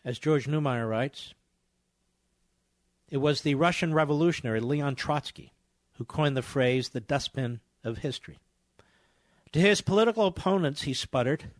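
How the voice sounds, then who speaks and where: A man's voice: fairly high pitch, animated, normal speed, pauses often, dry recording. A middle-aged man hosting a talk radio show, delivering scornful, combative commentary with hammering repetition.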